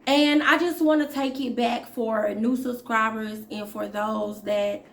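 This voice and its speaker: A woman in her thirties vlogging straight to her viewers. Her voice sits a little high, and she takes her time, leaving unhurried pauses and fillers between her phrases. She sounds chatty and direct, as if talking to friends. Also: steady tone, gravelly. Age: 30s. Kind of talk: casual talk to camera.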